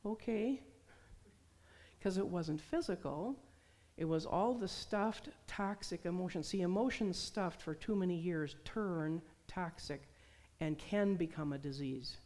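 A woman's voice: on the low side, a little slow, a little mellow. A middle-aged woman preaching a sermon, telling stories and acting out the voices she quotes. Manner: storytelling, acts out quoted voices. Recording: long hall reverb.

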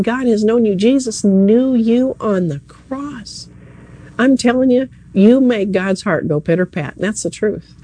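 A preacher delivers an earnest sermon at an evening service in a warm, mellow voice. The talk stays conversational and speaks straight to the listeners, with pitch at an ordinary middle level. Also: breathy edge.

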